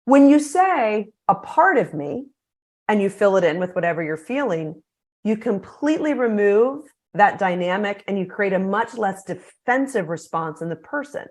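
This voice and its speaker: A middle-aged woman, a guest speaker on a podcast interview, explaining her ideas in an energetic, animated way. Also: medium pitch, normal speed.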